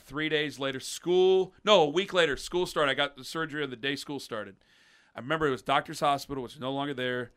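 A man's voice: on the high side, clean tone. A man hosting a podcast, telling a long personal story in casual chat and acting out what others said. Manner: animated, acts out quotes of others. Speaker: podcast host.

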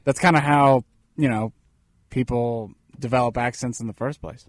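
A man's voice: mid-range voice, fairly even intonation, moderate pace, no room sound. Matter-of-fact male co-host. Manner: brief, matter-of-fact replies. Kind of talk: casual studio banter.

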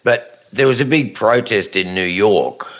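A man's voice: fairly low pitch, unhurried, fairly bright tone. A man with an Australian accent joking loosely and crudely in radio chat.

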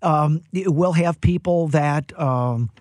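At a slow pace and fairly high pitch, a man hosts a live home-repair call-in show on the radio, recorded dry through a studio microphone. He's energetic and joking, filling his chatter with plenty of "you know."

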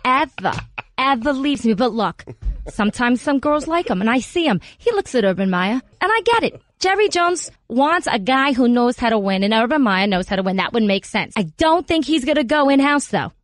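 A woman's voice: a little high, expressive, normal speed, no room sound, natural voice. A woman putting on a blunt, bossy Italian-American mother with a New Jersey accent for a comic sports radio bit. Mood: chatty. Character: brash middle-aged Italian-American Jersey mom.

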